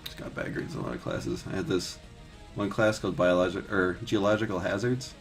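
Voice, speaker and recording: Laid-back man in his thirties, slightly low-pitched, talks in loose rambling asides full of fillers and casual swearing; faint guitar music underneath. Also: fairly even intonation, a little fast. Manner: rambling, filler-heavy, swears and laughs easily. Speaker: 3D artist streaming his texturing work. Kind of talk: casual chat while painting live.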